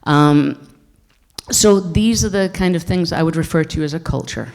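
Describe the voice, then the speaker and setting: A woman's voice: sits low, normal speed, gravelly, a little mellow. A Scottish woman in her forties gives a conference talk to an audience in a blunt, wry, joking manner. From Scotland. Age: 40s. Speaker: conference speaker.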